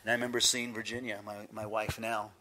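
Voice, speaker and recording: A man's voice: on the low side, little pitch movement, fairly quick, sharp tone. An older man, a pastor telling stories in a chatty sermon. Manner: storytelling, chatty, many "you know"s.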